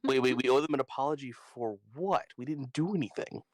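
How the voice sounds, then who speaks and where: A man's voice: mid-range voice, fairly quick, no room sound. A man playing a tabletop game with a wry, skeptical manner. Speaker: player. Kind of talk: casual tabletop game chat.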